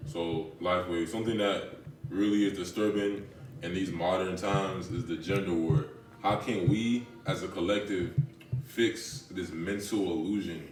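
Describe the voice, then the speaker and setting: Deep-voiced male host, far off in a roomy space. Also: steady tone, measured pace. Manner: brief, agreeable replies. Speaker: podcast host. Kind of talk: interview questions. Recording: distant, roomy mic with faint noise.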